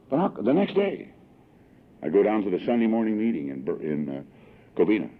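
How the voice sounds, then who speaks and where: This man has a low, sing-song voice and a quick pace. In his sixties and from Southern California, he shares a heartfelt personal story at a recovery meeting with emotional swells, captured on tinny lo-fi tape archived in 1982.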